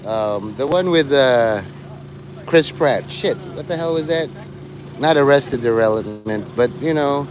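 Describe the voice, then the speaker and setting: A man's voice: on the high side, a little hiss or hum. A man livestreaming to his chat, rambling and teasing people in crude, mocking talk.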